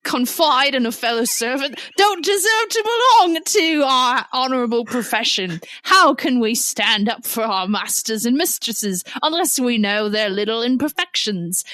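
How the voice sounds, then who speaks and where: A woman's voice: a little high, a bit bright, no room sound. A woman voicing a nosy, gossipy male servant in an exaggerated put-on accent, reading a play on a podcast with pompous, prying monologues.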